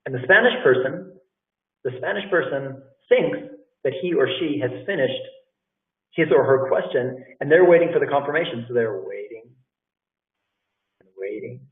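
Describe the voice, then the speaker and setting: A middle-aged English teacher and language school director talks at a moderate pace with lively intonation and a medium-pitched voice. His live session gives learners informal job interview tips, full of repeated phrases and "guys." An echoey room and distant, tinny, phone-like sound color the clip.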